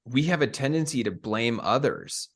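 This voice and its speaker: Earnest male podcast co-host, steady and coaching in manner. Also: mid-range voice, normal speed. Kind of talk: reflective conversational talk.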